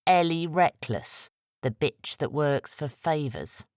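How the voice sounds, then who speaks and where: A woman voicing a scornful man in an audiobook, speaking slowly and mockingly. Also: sits low, lively intonation, darkish tone, no room sound, clean studio sound. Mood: sneering. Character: sneering man, slow and scornful.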